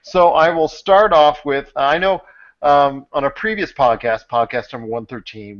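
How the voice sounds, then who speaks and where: A man hosting a casual podcast about video games, rambling with many fillers and restarts. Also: mid-range voice. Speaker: podcast host. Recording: dull lo-fi podcast audio.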